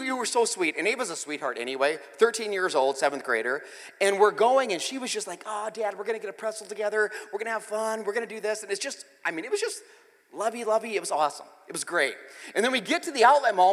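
A lively, high-voiced man in his forties preaches in a church sanctuary, his bright tone carrying through a long hall reverb. He swings from hushed asides to loud, acted-out moments as he tells his story. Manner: animated, swings from quiet to loud, acts out scenes. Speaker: pastor. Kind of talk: sermon with storytelling.

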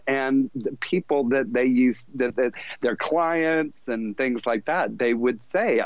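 A man's voice: medium pitch, takes it slowly, dry recording. Southern guy in his 50s rambling thru old stories, laughs at himself a lot, kinda dull lo-fi sound. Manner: rambling, self-deprecating, laughs often. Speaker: podcast guest, fashion designer. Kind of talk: casual storytelling interview.

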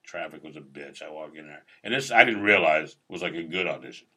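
A man with a very low voice that still carries a bright, forceful edge tells a loose, rambling story. He swears freely and keeps things laid-back as he chats with friends. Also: animated, brisk. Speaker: actor. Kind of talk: casual storytelling chat.

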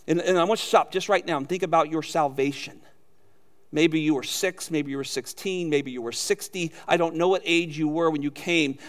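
High-pitched emphatic male preacher. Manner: emphatic preaching, rising to loud peaks; addresses listeners directly with rhetorical questions. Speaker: pastor. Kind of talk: sermon.

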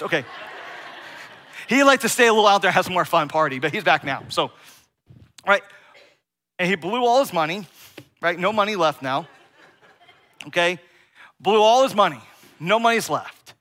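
A middle-aged pastor preaches conversationally, often checking in with the congregation through frequent "right?" asides. His high voice is pushed and bright, with lively intonation, a moderate pace and long pauses.

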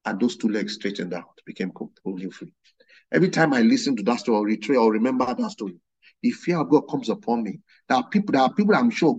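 A man with a husky voice preaches a fervent sermon, retelling a story with rising emphasis. The recording sounds muffled and lo-fi. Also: mid-range voice. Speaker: guest preacher.

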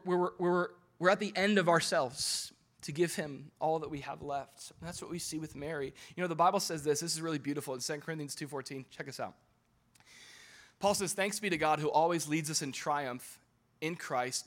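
A pastor preaches an impassioned sermon, swinging between loud urging and low, intimate tones and often repeating his words.

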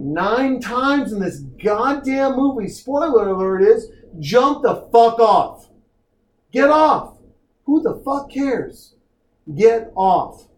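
High-voiced ranting man, echoey room. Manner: loud, ranting, swears constantly, mock pep talk. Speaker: movie commentary co-host. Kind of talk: profane riffing movie commentary.

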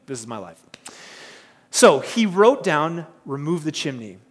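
A man preaching a sermon, telling a lively personal story and asking the crowd questions. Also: on the high side, a little slow, husky. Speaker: pastor.

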